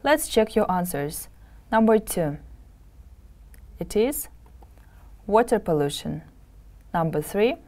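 A woman's voice: mid-range voice, sing-song, a little mellow. A woman teaching English in a televised lesson. She sounds each word out carefully and repeats it for students to copy. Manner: slow, careful drills with repeated words.

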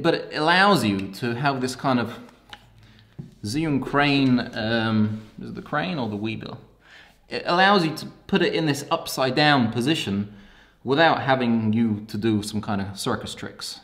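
A man talking casually and excitedly about camera gear in a video review, out of breath and rambling a little as he hypes it up. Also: medium pitch, normal speed.

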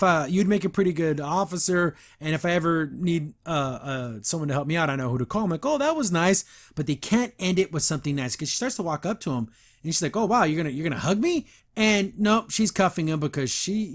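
A man hosting a podcast, casually recapping and reacting to a cartoon episode in a sarcastic, exasperated way, often laughing. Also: on the high side. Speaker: podcast host reviewing a cartoon.

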